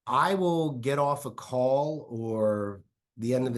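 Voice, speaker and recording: A middle-aged man tells a story as a podcast guest. He speaks from a small home office and acts out the lines he quotes. His voice sits at an everyday pitch. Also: takes it slowly. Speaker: real estate investor and guest.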